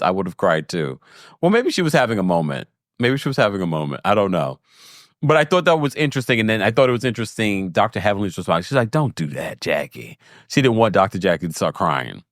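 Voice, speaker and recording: A man hosting a casual recap show, chatty and animated, laughing and correcting himself as he talks. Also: medium pitch, no echo, studio quality. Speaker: show host recapping a reality series. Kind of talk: casual live recap chat.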